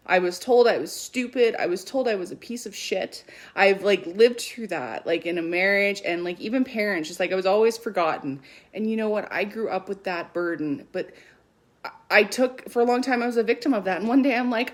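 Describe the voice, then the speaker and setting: A woman's voice: medium pitch, moderate pace. Emphatic casual woman spiritual coach. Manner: earnest, emphatic, casual swearing; animated when quoting her kids. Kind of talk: livestream talk.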